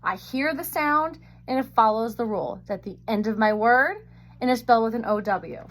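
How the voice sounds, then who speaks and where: A woman teaching a phonics lesson, sounding out words slowly and carefully on a webcam microphone. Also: fairly high pitch.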